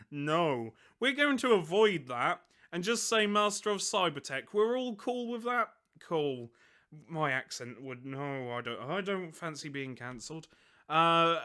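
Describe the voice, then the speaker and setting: A man's voice: a little high, sharp tone. A young man giving casual, self-mocking commentary on tabletop game rules, laughing often and swearing freely. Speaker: tabletop wargame channel host.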